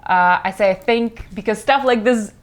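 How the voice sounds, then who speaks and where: A young woman from Russia, Russian accent, talking casually and candidly. She wanders and corrects herself as she goes. Her voice sits at a middling pitch. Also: moderate pace. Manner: rambling, self-correcting, frank and chatty. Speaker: comic creator. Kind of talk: casual chat.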